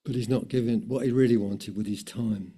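A man preaches in a loose, conversational manner. His voice is very dark and mellow, and he often repeats words and restarts sentences. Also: medium pitch, fairly even intonation, brisk, vocal fry. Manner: warm, conversational, with many fillers and repetitions. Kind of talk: sermon.

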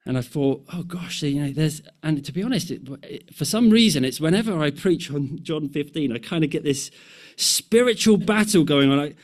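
A man's voice: on the high side, lively intonation, normal speed. A man preaching a sermon, earnest and emphatic, building his points through repeated phrases.

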